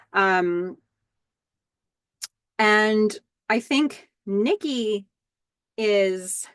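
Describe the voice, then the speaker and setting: A woman hosting a rewatch podcast, narrating a TV episode scene by scene and quietly quoting its lines. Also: medium pitch, no room sound. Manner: describes scenes step by step, soft quoting of lines. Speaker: podcast host.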